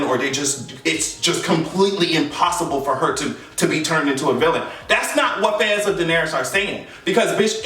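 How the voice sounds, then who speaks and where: High, bright-voiced man ranting. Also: far from the mic. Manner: emphatic, profane, animated. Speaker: vlogger. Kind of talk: heated fan rant. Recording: echoey room, voice off mic.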